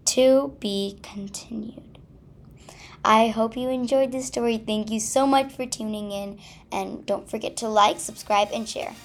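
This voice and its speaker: A woman reading a children's story aloud and closing her channel video, with expressive, dramatic delivery. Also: a little high, normal speed.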